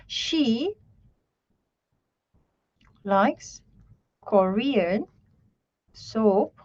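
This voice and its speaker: A woman teaching English grammar in an online lesson, slowly repeating herself and checking in with "right?" and "okay". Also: on the high side, a little mellow, muffled recording.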